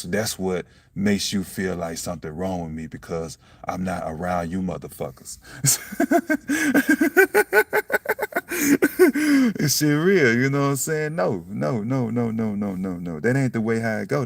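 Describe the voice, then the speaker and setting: A young man musing on faith in a casual, blunt, profane monologue, breaking into loud laughs and saying "you see what I'm saying" again and again. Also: on the low side, expressive, moderate pace, creaky, few pauses, no echo. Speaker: self-styled preacher vlogger. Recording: dry, from a distance to the mic.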